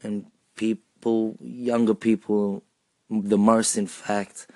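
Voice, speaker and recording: A man giving a personal monologue, asking repeated rhetorical questions in a measured, deliberate way. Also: fairly low pitch, level tone, mellow, no room sound.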